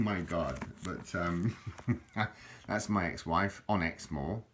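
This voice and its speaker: A man's voice: low-pitched, takes it slowly, a little hiss or hum. A man from England chatting casually over holiday photos, self-mocking and joking, with frequent restarts and laughter. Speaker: vlogger showing holiday photos. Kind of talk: rambling casual chat.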